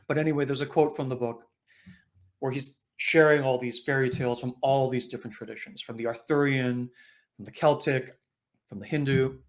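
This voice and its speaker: A man's voice: medium pitch, steady tone, a little fast. Man, spiritual session host, reflective talk, conversational, lots of uhs and restarts.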